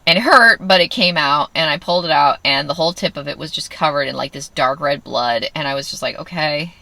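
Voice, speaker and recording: Woman, low voice, bright tone, dry close recording, candid wry storytelling. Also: fairly even intonation, a little fast, gravelly, no room sound. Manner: candid, wry, quoting others in dialogue. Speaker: vlogger. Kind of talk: personal storytelling.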